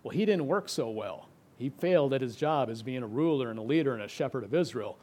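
Man preaching with loud and hushed swings. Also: medium pitch, expressive, a little fast. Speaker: pastor. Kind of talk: sermon.

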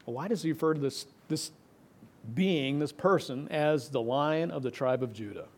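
A middle-aged man preaching a sermon, explaining scripture verse by verse, moving between emphatic passages and quiet, hushed ones. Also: a little high, moderate pace. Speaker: pastor.

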